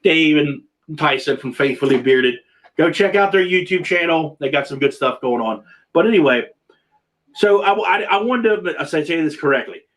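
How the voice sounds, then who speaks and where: A man's voice: fairly high pitch, animated, normal speed, a bit bright. A man hosting a casual video-call chat, rambling and restarting his sentences often. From Pennsylvania. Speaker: podcast host.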